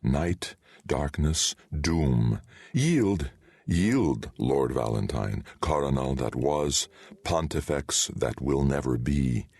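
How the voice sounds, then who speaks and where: A man voicing a quiet, ominous male tempter who coaxes softly. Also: extremely low pitch, lively intonation, slow pace, gravelly, breathy edge, no room sound, exaggerated voice.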